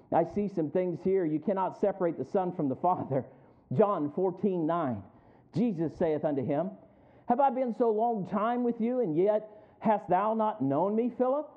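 A male pastor preaching a sermon, rising in emphasis and calling out to the congregation for responses. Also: sits high. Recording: tinny phone-like sound.

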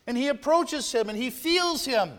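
A man preaching a sermon, retelling a Bible story with lively shifts between loud narration and hushed asides. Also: very high-pitched, normal speed. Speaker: pastor. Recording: long hall reverb.

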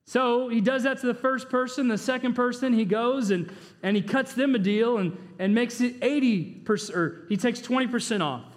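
A man preaching in a casual, conversational way, tossing out jokes and rhetorical questions while sounding short on sleep. His voice is high for a man, and it carries a long reverb from a large hall. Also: normal speed. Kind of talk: conversational sermon.

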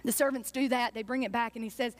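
A woman pastor delivering a sermon with passionate storytelling. Her voice sits high, and she builds her points through repetition. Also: fairly even intonation, fast.

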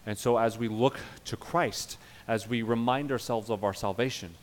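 A male pastor preaching a sermon, emphatic, swinging from loud urging to quiet earnest passages. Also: mid-range voice, moderate pace, in a large hall.

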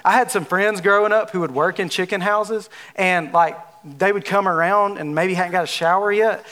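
A man's voice: high voice, fairly even intonation, normal speed, a bit bright. A man from Alabama with a Southern drawl, preaching a sermon in a folksy, conversational way full of casual fillers. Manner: conversational, folksy, with frequent fillers like "like" and "you know". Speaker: pastor.

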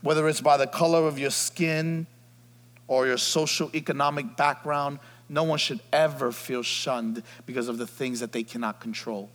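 A man preaching an Easter sermon as pastor, swinging from near whispers to loud shouts. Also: mid-range voice, fairly even intonation, moderate pace. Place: church sanctuary. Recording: long hall reverb.

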